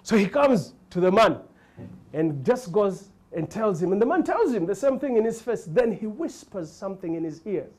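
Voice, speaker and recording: A man with a Ugandan English accent telling comic stories, acting out characters as he goes. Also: normal speed. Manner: animated, acts out characters with big pitch jumps. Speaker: comedian. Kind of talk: stand-up storytelling.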